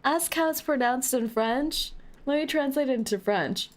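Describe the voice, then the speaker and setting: A woman's voice: high voice, moderate pace. A woman streamer commenting on a game playthrough, giggling and squealing in mock despair while reading the game text aloud.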